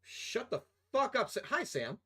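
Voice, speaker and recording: A man's voice: very high voice, big pitch swings, measured pace, bright, forceful tone, breathy edge. A young man live-streaming as he edits video, chatting casually with his viewers in a rambling, profane, joking way and often laughing.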